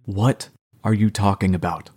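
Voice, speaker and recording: A man's voice: fairly low pitch, steady tone, moderate pace, darkish tone, breathy edge. A man reading the lines of a sarcastic, cocky male publisher in an audiobook. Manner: sarcastic, mocking.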